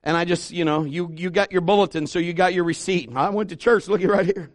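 A male pastor in his fifties preaching to his church, swinging from loud exhortation to quiet, intimate asides with humor. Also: high voice, quick pace, dry recording. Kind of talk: sermon. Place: church sanctuary.

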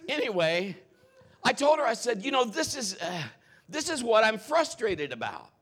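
Animated high-voiced male pastor preaching. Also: moderate pace. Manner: animated, joking storyteller. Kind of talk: sermon with personal stories.

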